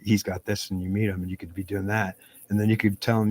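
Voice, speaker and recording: A man's voice: lowish voice, flat delivery, fast talker, darkish tone. A man from the United States rambling through a self-recorded monologue, arguing both sides of an imagined dialogue in repetitive, circling phrases.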